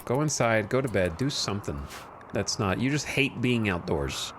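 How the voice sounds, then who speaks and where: A man's voice: fairly low pitch, expressive, normal speed, a little hiss or hum. A man streaming a game, giving casual commentary in a wry, rambling, self-deprecating way.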